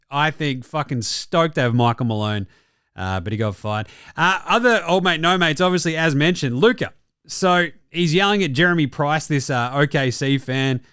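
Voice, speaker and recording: A man's voice: a little high, fairly bright tone, clean tone, dry recording, clean studio sound. Brash Australian man, sports host. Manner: brash, profane, jokey. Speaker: basketball show host. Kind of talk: casual sports commentary.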